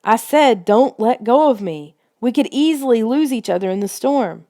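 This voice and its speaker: A woman voicing a frightened boy who tries to keep his sister calm, speaking with an urgent, shaky calm. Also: a little high, normal speed, pitched above the performer's own voice. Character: scared boy trying to sound brave.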